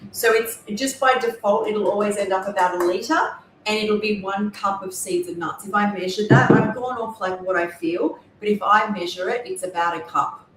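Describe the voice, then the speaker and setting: A woman's voice: mid-range voice, normal speed, background noise. Woman talking in an echoey kitchen. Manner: rambling, self-correcting explanations. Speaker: livestream host. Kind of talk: casual cooking livestream chat. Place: home kitchen. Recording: echoey room with faint ambience.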